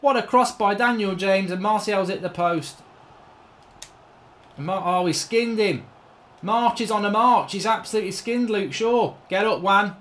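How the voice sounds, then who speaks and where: A man with a rather high voice narrates his gameplay as a channel host. He rants in exasperation and swears freely. He grumbles under his breath one moment and yells in disbelief the next. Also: normal speed. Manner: exasperated ranting, frequent swearing, swings from mutters to shouts. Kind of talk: live gameplay commentary.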